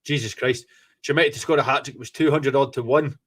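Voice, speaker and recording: A Scottish man hosting a fan podcast, reacting live to a football match in an excitable, gloating way and swearing freely. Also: mid-range voice, fairly quick, breathy edge.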